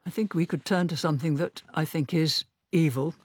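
A man's voice: a little high, brisk, husky, no room sound, clean studio sound. A man interviewing an author, asking probing, reflective questions about his book.

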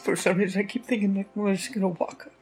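A man's voice: sits high, level tone, quick pace, a little mellow, soft background music. A tearful man speaking in a personal video diary, emotional and faltering.

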